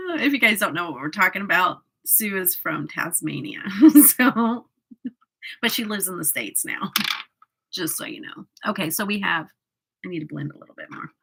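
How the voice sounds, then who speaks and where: Woman, husky voice, chatty livestream host doing her makeup and reading viewer comments aloud, laughs a lot. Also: lowish voice, expressive, a little slow, long pauses, bright, forceful tone, poor audio. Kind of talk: casual livestream chat while doing makeup.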